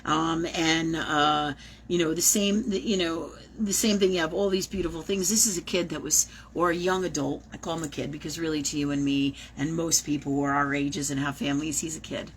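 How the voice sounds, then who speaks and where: A woman's voice: sits low, fairly quick, a little hiss or hum, rough recording. Chatty woman giving a live reading. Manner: chatty, animated, swears casually. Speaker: psychic medium.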